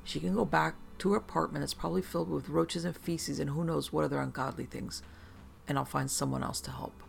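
A narrator tells a first-person horror story dryly and deliberately, using slow, dramatic pauses over faint background music. The voice is medium-pitched and gravelly, with fairly even intonation and slight background noise.

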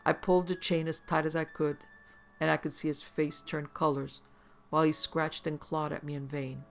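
A man's voice: a little high, little pitch movement, moderate pace, creaky, faint music behind. A man narrating a first-person horror story in an intense, profane, vivid way.

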